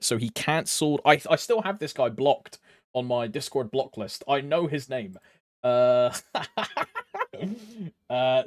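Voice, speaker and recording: A man's voice: mid-range voice, dry recording, studio quality. A young man chatting casually while streaming a game, rambling, laughing often and using crude slang.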